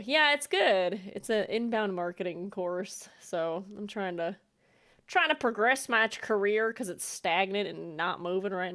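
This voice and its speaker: A woman's voice: medium pitch, a bit bright. Chatty woman streamer, laughing often. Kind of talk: casual gameplay chat.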